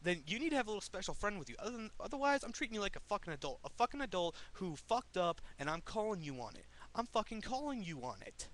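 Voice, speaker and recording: A man's voice: high-pitched, sing-song, quick pace, few pauses, fairly bright tone. A young American man ranting angrily in a profane, confrontational political vlog. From United States. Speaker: vlogger. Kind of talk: angry political rant vlog.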